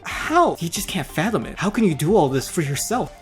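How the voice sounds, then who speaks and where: A young man, a voice actor reacting to his own work in casual commentary, excitable, gushing and self-critical. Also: a little high, a little fast, faint music behind.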